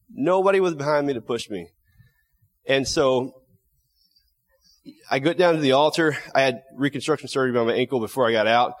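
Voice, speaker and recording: A man in a mid-range voice tells his faith testimony with raw sincerity. He talks in halting bursts, stopping and restarting his sentences and leaning on little fillers as he goes. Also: mid-range voice. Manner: earnest, halting storytelling with many restarts and fillers. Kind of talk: emotional personal testimony.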